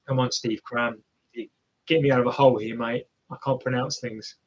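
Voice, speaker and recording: A man's voice: medium pitch, steady tone, normal speed, slightly rough, highs cut off. A man commentating casually on a marathon live for viewers, chatty and self-mocking as he cheers the runners on. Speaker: live race watch-along streamer.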